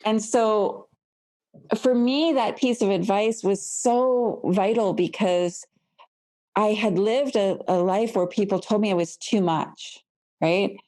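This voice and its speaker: A woman accountant talks as a podcast guest in a bold, forthright, casual way. Her pitch sits in the middle range for a woman. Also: slow, mellow. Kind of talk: casual interview chat.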